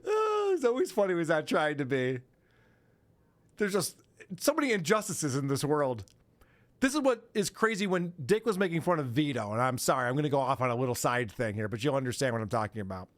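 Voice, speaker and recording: A man hosting a podcast, commenting on clips in casual chat, often mocking and laughing. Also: fairly high pitch. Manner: mocking, laughing, mimics voices. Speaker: podcast host.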